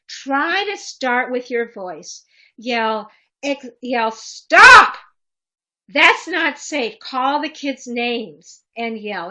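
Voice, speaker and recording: A woman's voice: on the high side, a bit bright, lo-fi sound. A woman presenter answering audience questions in a webinar, giving practical advice and acting out short commands aloud.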